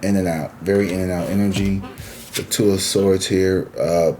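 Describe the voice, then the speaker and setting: A man's voice: low-pitched, steady tone, moderate pace, darkish tone, a little hiss or hum. A man giving a casual tarot reading, talking in a laid-back, chatty and reassuring way with the odd curse word thrown in. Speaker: tarot reader.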